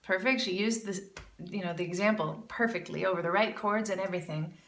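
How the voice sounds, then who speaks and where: A woman's voice: mid-range voice, a little fast, fairly bright tone. A woman teaching jazz singing, chatty and encouraging, breaking into scat syllables to demonstrate. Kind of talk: music lesson critique. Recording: roomy, a bit far from mic, with music.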